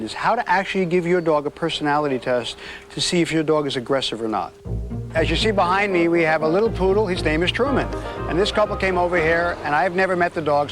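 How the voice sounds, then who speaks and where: A man working as a dog trainer, explaining a temperament test to a couple in a casual, talkative way. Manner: chatty, explanatory, goes high and sing-song coaxing the dog. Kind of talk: on-location dog training demo.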